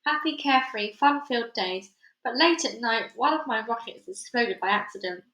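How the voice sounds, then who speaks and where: A woman's voice: fairly high pitch, lively intonation, normal speed, bright, forceful tone, roomy sound, rough recording. A woman voicing a sinister old male mad scientist whose head lives in a jar, speaking with a German accent, cold and sneering. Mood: boastful.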